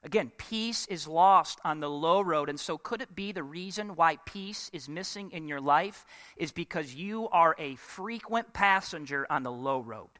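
A male pastor delivers an emphatic sermon, firing rhetorical questions at his congregation. His voice sits high and rings bright. It carries with a long reverb from a church sanctuary. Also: animated, unhurried, few pauses.

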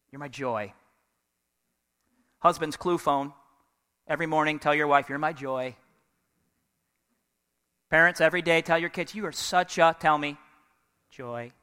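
A man preaching in a church sanctuary, his high, bright voice carrying a long reverb tail. He speaks smoothly and clearly, with fired-up energy, and keeps prompting the congregation to answer back. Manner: energetic, call-and-response with congregation. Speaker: pastor. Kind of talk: sermon.

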